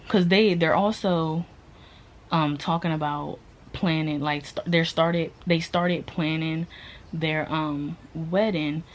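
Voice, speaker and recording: A woman's voice: deep voice, a little hiss or hum. A woman chatting casually through a book review, rambling with lots of fillers.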